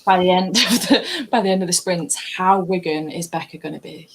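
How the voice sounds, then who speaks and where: A woman's voice: on the low side, animated, a little fast. A young woman chatting cheerfully on a reading stream, swearing casually. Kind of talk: casual chat.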